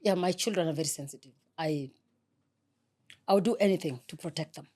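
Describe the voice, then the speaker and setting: Middle-aged woman, interview guest, heartfelt and soft-spoken, lowish pitch. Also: fairly quick. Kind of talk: emotional interview talk.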